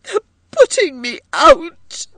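A man voicing a young wife who wails in a shrill, tearful voice, reading a storybook. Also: wildly swooping pitch, takes it slowly, bright, forceful tone, no room sound, heavily acted. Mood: wailing. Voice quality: shrill, wailing.

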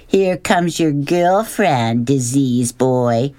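A man voicing a mean young schoolboy bully who shouts and jeers in a storybook reading. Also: mid-range voice, animated, extremely slow, voice pushed up. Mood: jeering. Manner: jeering, shouting.

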